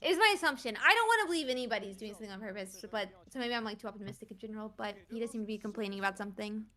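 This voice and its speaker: A woman's voice: medium pitch, lively intonation, very fast, pushed and bright. A woman commentating live on a card game tournament in a chatty, musing, upbeat way.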